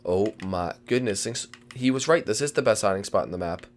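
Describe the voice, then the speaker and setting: A young man hosting comedic game commentary, excitable and playful. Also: fairly low pitch, a little fast. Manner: excitable, playful, jumps from mutters to yelling. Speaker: gaming channel host.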